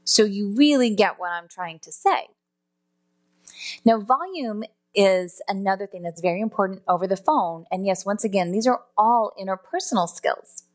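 A woman's voice: medium pitch, normal speed. A woman teaching customer service phone skills in a spoken lesson, explaining step by step and now and then correcting herself. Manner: explanatory, self-correcting, demonstrates tones aloud.

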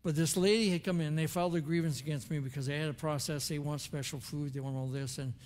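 A man's voice: a little high, fairly even intonation, fast talker, a little mellow. An older man, a former chaplain, preaching a sermon in an earnest, conversational storytelling way with emphatic turns. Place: church sanctuary.

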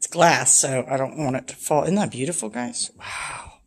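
A woman's voice: sits low, expressive, a little fast, vocal fry, husky. A woman chatting casually at home in a vlog, narrating as she opens gifts and decorates a tree. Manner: sing-song baby talk to pets, then soft chatty narration. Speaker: vlogger.

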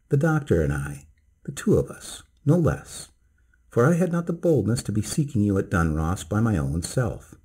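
Devout elderly crofter, earnest, mellow and husky; a male storyteller voicing him. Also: mid-range voice. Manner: plain, pious, earnest speech. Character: devout old male Highland crofter, kindly host. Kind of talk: storybook reading.

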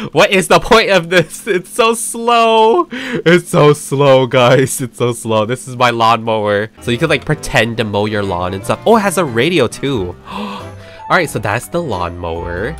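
A young man showing off a game update, talking excitedly and gasping and squealing often. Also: on the low side. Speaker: gaming YouTuber.

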